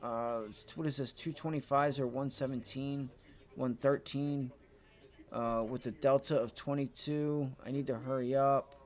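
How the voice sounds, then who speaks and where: A man streaming live from home, giving excitable, profane trading commentary while talking to himself and his viewers. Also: medium pitch, measured pace. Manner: excitable, swears, talks to himself and chat. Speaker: livestream day trader.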